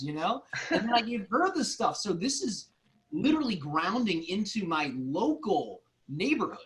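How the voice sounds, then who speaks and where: Chatty high-voiced man telling stories. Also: very animated, normal speed, a bit bright, slight background noise, low-quality recording. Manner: chatty, laughs often. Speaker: co-host. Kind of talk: casual storytelling on a group call.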